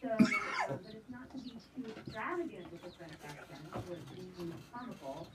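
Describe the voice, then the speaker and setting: Woman, actress in an interview, expressive pitch, restarts, heavy background noise. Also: a little fast. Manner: animated, rambling with restarts. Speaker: actress guest. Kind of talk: interview chat. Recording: roomy, distant mic, loud background noise, birds.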